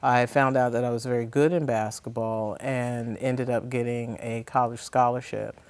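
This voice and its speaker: A woman in her fifties from New Jersey, answering interview questions thoughtfully with frequent pauses and ums. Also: a bass voice, fairly even intonation, a little mellow, clear, resonant tone. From New Jersey, USA. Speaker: interview guest.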